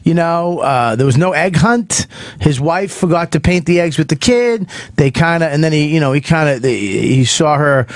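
A man's voice: a little high, animated, normal speed, dry recording. Profane, rambling American comedian man. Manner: profane, rambling, acts out both sides of a made-up argument. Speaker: comedian guest. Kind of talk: comic rant on a radio show.

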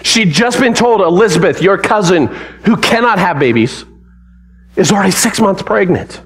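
A man with a high, light voice delivers a church sermon. He tells the story with drama and gets the congregation to repeat lines back to him. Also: normal speed. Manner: animated, dramatic storytelling with audience call-and-response. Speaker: preacher.

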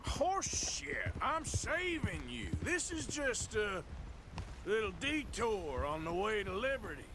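Arthur Morgan, a sardonic outlaw. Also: male voice, high-pitched, animated, a little slow. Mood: dry. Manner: dry, sardonic, blunt. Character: rugged adult male outlaw, dry and sardonic. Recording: game audio with clear background noise.

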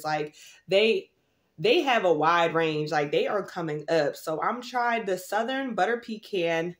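A woman vlogging in a casual, rambling way, full of fillers and restarts, in a tired, groggy morning voice. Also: mid-range voice. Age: adult mother. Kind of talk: casual vlog chat.

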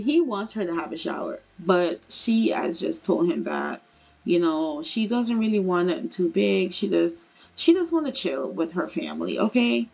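A woman giving chatty, excitable commentary as she plays a life-simulation game. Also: mid-range voice, vocal fry, husky, highs cut off. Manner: chatty, excitable, laughing asides. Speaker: gaming creator. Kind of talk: casual gameplay commentary.

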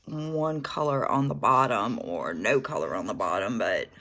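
A low-pitched woman with a Southern US accent talks casually on a makeup livestream. Her voice sits deep for a woman, and her chat rambles along with plenty of fillers as she greets viewers. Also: animated, normal speed, fairly bright tone, breathy edge. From American South.

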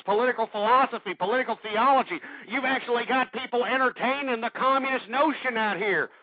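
An older man hosting call-in talk radio, ranting in angry shouts and panting heavily between tirades. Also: very high-pitched, breathy edge, no echo, narrow, tinny audio. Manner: angry shouting tirades, then heavy-breathing grumbling. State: out of breath. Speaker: radio talk show host.

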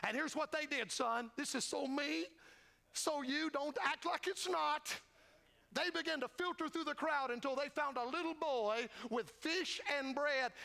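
A man's voice: extremely high pitch, vocal fry, pushed and bright. An older man preaching a revival sermon as a traveling evangelist, folksy and fervent, acting out the disciples' voices. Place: church sanctuary.

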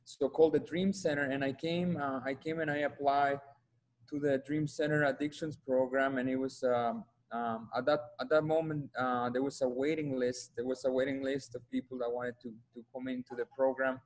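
Flat-voiced man with a Mexican accent. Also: medium pitch, low-quality recording. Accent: Mexican Spanish. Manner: earnest, halting, repeats himself while searching for words. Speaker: guest speaker giving a testimony. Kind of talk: personal testimony.

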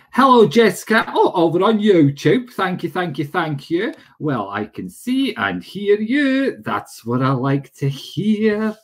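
A man's voice: medium pitch, slightly rough. A man hosting a live psychic stream, chatting and greeting viewers by name. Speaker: psychic medium host. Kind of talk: livestream chat.

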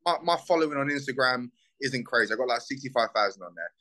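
Blunt South London fighter, bright voice. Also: male voice, mid-range voice, lively intonation, quick pace, poor audio. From South East London. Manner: blunt, swears freely, heated. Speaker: bare-knuckle fighter. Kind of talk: casual interview.

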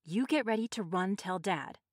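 A woman's voice: mid-range voice, lively intonation, moderate pace, dry recording, studio quality, lightly acted. Woman as an anxious village mother, urging and impatient.

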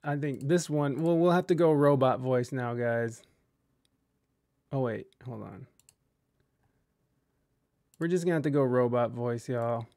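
A man's voice: medium pitch, a little slow, pauses often, darkish tone, no room sound, studio quality. A man hosting a podcast, chatting casually, joking and getting flustered while fixing a technical problem. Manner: joking, flustered, self-deprecating. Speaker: podcast host. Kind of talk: casual chat.

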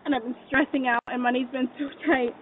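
A high-voiced young woman speaks at a front porch, tearful and overflowing with thanks. The sound is thin and phone-like, with clear outdoor noise behind her. She talks in a choked-up way. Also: little pitch movement, a little fast. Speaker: delivery driver. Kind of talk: doorstep video.

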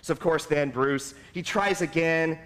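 A man's voice: fairly high pitch, a little slow, a bit bright, long reverb tail. A man preaching a sermon as pastor, speaking in an earnest, personal, confessional way. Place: church sanctuary.

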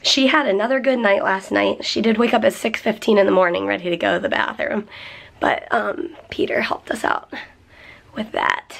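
Emotional woman vlogger with a gravelly voice. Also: mid-range voice, steady tone, normal speed. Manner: emotional and soft-spoken, near tears. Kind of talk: casual home vlog. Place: at home indoors.

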